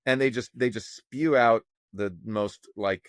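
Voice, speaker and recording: A man co-hosting a casual podcast on economics, talking in an animated, sarcastic way and swearing freely. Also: on the low side, measured pace, smooth, no echo, clean studio sound. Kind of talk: casual opinionated chat.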